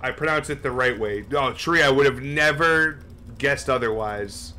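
A man's voice: medium pitch, moderate pace, bright, forceful tone, a little hiss or hum. Profane casual male game streamer. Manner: casual and profane, chatting with viewers. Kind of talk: live horror game stream commentary.

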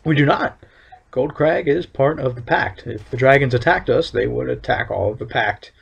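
A man voicing a stern male town overseer in a fantasy game, reading his lines in a formal, measured way. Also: mid-range voice, creaky, husky, full character voice.

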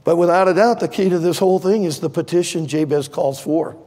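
An older man preaching a sermon as pastor, swinging from loud impassioned pleading to quieter conversational asides. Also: on the high side, a little fast, in a large hall. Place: large church sanctuary.

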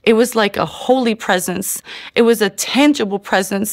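A woman's voice: mid-range voice, moderate pace, dry recording, studio quality. A woman sharing her personal faith testimony in a church, telling her story in an earnest, heartfelt way. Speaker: testimony speaker.

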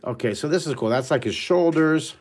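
A man hosting a live online drawing lesson, talking excitedly and rambling as he draws and makes up a story. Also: fairly high pitch, a little fast.

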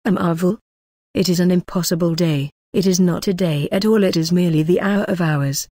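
A woman's voice: on the low side, fairly even intonation, brisk, mellow, no room sound, studio quality, close to an everyday voice. A woman reading the lines of an ardent young man in love, effusive and poetic, in an audiobook.

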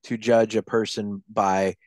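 A man's voice: fairly low pitch, little pitch movement, measured pace, a little mellow, no room sound, clean studio sound. A male podcast host chatting casually, mostly giving short reactions and teasing asides. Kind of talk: casual chat. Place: mobile podcast studio.

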